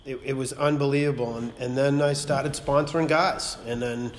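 A man's voice: medium pitch, steady tone, normal speed. A man, telling his story to a recovery meeting in a blunt, profane, rambling way that keeps circling back to "you know what I mean.". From Massachusetts. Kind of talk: personal testimony to a group. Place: meeting room. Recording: long hall reverb, faint noise.

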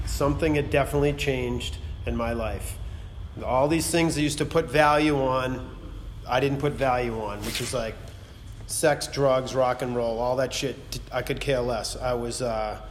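A man, telling his story to a recovery meeting in a blunt, profane, rambling way that keeps circling back to "you know what I mean.". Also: mid-range voice. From Massachusetts. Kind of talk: personal testimony to a group. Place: meeting room. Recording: long hall reverb, faint noise.

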